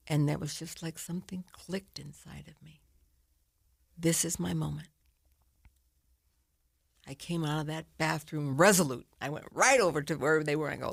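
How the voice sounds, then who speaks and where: A woman's voice: deep voice, lively intonation, normal speed, creaky, a bit bright, dry recording, studio quality. An older woman, a guest author, telling a personal story in an interview and acting out her own past thoughts.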